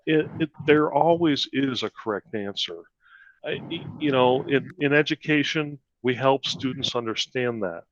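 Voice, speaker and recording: A man speaking up at a public meeting, halting and restarting often as he works through his objection. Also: mid-range voice, dull audio, slight background noise. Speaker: meeting participant.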